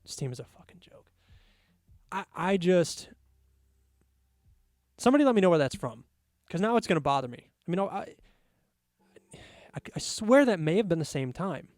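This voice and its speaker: A man hosting a solo sports podcast, ranting in an animated, exasperated way with mocking asides. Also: sits high, moderate pace, pauses often, no room sound, clean studio sound. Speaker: podcast host.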